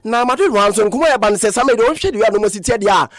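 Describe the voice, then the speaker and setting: Fast, high-voiced sports newsman. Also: animated, fairly bright tone, no echo, studio quality. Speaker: sports news presenter. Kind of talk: radio sports news bulletin.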